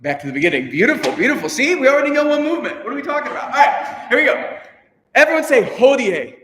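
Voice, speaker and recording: Man, choir director, rehearsal instruction, upbeat, encouraging, high voice, echoey hall with long reverb. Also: animated, very fast, bright, forceful tone, slight background noise.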